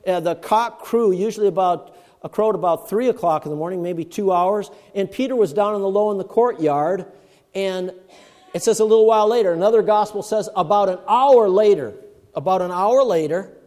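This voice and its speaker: A male preacher giving a sermon, swinging from loud emphatic bursts to hushed murmurs. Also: sits high, moderate pace. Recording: long reverb of a large hall.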